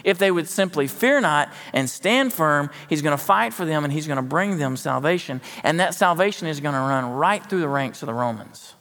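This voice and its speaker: A man's voice: fairly high pitch, a bit bright, big-room sound. A man preaching a sermon in a folksy, conversational way with joking asides. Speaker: pastor. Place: church sanctuary.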